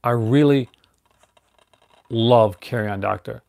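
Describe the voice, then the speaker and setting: A man's voice: medium pitch, takes it slowly, gravelly, warm tone, dry recording. A man from Newfoundland, Canada, chatting casually on a live stream and rambling through restarts and fillers.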